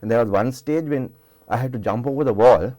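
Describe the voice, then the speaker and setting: A man's voice: medium pitch, brisk, warm tone. An older man with a Sri Lankan English accent, a singer telling rambling stories in a television interview with many restarts. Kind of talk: casual storytelling interview. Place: television studio.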